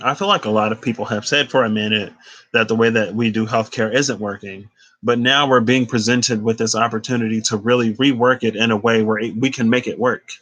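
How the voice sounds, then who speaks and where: Man, tarot reader, emphatic, slangy, conversational, bright forceful voice. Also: mid-range voice, low-quality recording. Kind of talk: spiritual tarot talk.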